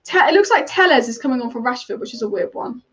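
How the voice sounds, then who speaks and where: An animated woman with a voice on the high side and a bit of brightness hosts a live football watch-along stream, and the highs are cut off. As a fan channel host she's chatty, opinionated, and quick-fire, reacting to the match and reading out viewer comments.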